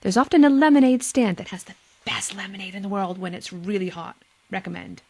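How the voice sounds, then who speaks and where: A woman's voice: medium pitch, fairly even intonation, brisk, gravelly, a little mellow. A woman teacher with a Boston accent reading a picture book aloud to young children, with playful asides to them.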